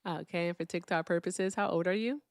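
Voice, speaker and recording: A woman's voice: fairly low pitch, fairly quick, no echo, clean studio sound. Blunt, profane woman hosting a call-in stream. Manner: blunt, profane, dismissive of callers. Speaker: live-stream debate host. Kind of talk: live call-in stream talk.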